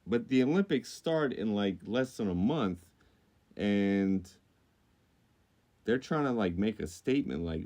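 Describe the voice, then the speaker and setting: Slow, animated man riffing on the news. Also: on the low side. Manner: loose, profane, riffing on the news. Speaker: podcast co-host. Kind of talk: casual chat, reading news items.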